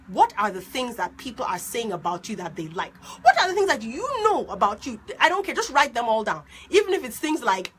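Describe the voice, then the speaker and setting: A woman life coach with a loud, strident voice and an unusual mixed accent, telling her story in an excitable, animated way during a live stream. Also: fairly high pitch, a little hiss or hum. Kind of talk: live-streamed motivational talk.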